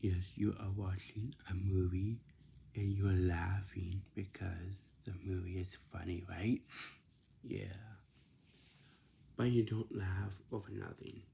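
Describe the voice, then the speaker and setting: A man slowly explaining everyday manners, repeating himself and checking in with "right?" then answering "yeah". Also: sits low, steady tone, creaky, dark tone, a little hiss or hum. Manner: slow, repetitive, asks "right?" and answers "yeah". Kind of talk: casual explanatory talk.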